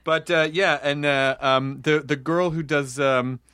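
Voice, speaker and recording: A man's voice: on the high side, steady tone, a little slow, sharp tone, clear, resonant tone, no echo, clean studio sound. A man hosting a casual conversation, rambling with restarts and jokes. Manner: rambling, lots of fillers and restarts. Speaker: host. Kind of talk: casual chat.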